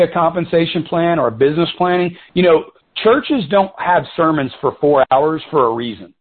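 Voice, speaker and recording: A man leading a coaching talk for his sales team on a conference call, casual and conversational, often calling them "guys" and wandering into side stories. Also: fairly high pitch. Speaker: sales team leader and mentor. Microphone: telephone. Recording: tinny phone-line conference call.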